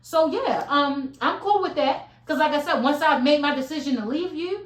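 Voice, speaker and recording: A woman's voice: high-pitched, moderate pace. Blunt, matter-of-fact woman, roomy echo. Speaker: podcast co-host. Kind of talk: casual podcast chat.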